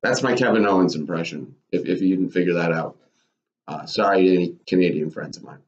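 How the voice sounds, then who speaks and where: A man's voice: low-pitched, a little fast, darkish tone. A man casually giving his thoughts on wrestling for his channel, rambling with lots of self-corrections. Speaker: wrestling commentary YouTuber. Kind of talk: casual spoken commentary. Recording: roomy, dull lo-fi.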